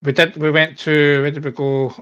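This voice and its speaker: Chatty man, fairly high voice. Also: flat delivery, moderate pace, fairly bright tone, smooth, dull audio. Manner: chatty and rambling, laughs often. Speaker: podcast host. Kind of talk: casual chat.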